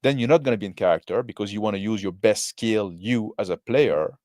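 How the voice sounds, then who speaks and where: A man's voice: lowish voice, brisk, darkish tone, no echo, studio quality. A man giving casual commentary on a video, rambling with lots of fillers and tag questions. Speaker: co-host reacting to a video.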